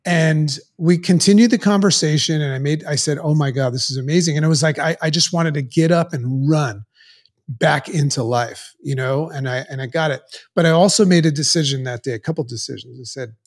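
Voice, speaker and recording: A middle-aged man speaks as a podcast guest, recounting a turning point from his past. His voice sits a little high for a man, and he talks earnestly, pausing and restarting as he works through his memories. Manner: earnest, halting, with many restarts. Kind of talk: personal storytelling in conversation.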